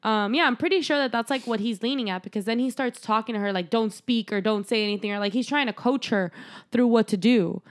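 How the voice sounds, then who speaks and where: A woman's voice: on the high side, quick pace. A young woman casually recapping a horror movie with a co-host, chatty, laughing often and swearing freely. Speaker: podcast co-host.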